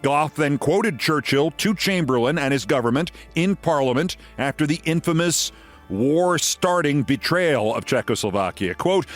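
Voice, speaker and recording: A man's voice: on the high side, lively intonation, normal speed, faint music behind. A man in his sixties hosting a show, giving sarcastic, theatrical political commentary and then reading a story aloud. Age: 60s. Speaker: host.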